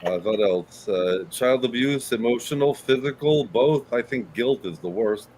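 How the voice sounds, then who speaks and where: A man answers the host with dry, absurd jokes, never breaking into a laugh. His voice is mid-pitched. Clear background noise hums along under the call. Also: lively intonation, a little slow, darkish tone, low-quality recording. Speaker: game show contestant.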